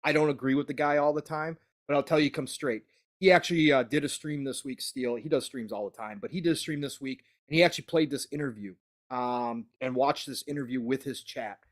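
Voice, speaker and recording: A man's voice: medium pitch, fairly quick. A man co-hosting a casual gaming podcast, animatedly retelling what someone said, full of "he goes". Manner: animated, retells quotes at length with many "he goes". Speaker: podcast co-host.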